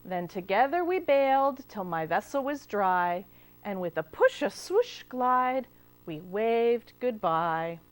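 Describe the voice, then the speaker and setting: A woman librarian reading a picture book aloud to children, expressive, with gasps and questions to the young listeners. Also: medium pitch, slow pace, smooth. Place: cable TV studio.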